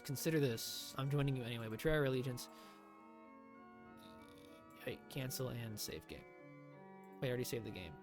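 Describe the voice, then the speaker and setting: A man streaming a strategy game live, giving sarcastic commentary that swings from low mutters to loud shouts.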